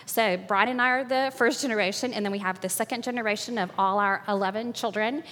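An older woman with a high, fairly bright voice gives an earnest, sermon-like talk with slides in a hall full of long reverb. She preaches through stories and laughs along the way.

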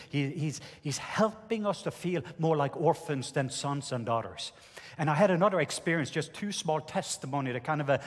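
A man with a Norwegian accent preaching a sermon, telling a personal testimony in an earnest, halting way with many restarts. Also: a little high, husky. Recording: reverberant hall.

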